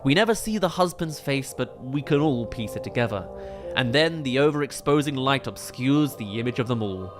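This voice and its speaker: A man's voice: mid-range voice, animated, moderate pace, music in the background. Enthusiastic male film reviewer. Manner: enthusiastic, detailed and analytical. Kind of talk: film analysis commentary.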